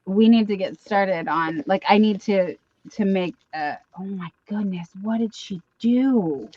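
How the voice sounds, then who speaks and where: A woman hosting a casual livestream, gushing and gasping with excitement as she unboxes gifts. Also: mid-range voice, measured pace, no room sound. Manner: gushing, excitable, many gasps and exclamations. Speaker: livestream host. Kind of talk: casual live chat while unboxing gifts. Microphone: webcam or desk mic on a video stream. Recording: dull dry stream audio.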